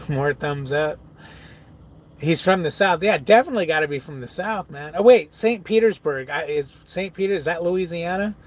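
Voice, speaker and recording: Chatty, slightly high-voiced man. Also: moderate pace. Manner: loose and chatty, swears freely, laughs often; reads viewer comments aloud and answers them. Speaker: truck driver streaming live. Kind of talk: casual live-stream chat reading.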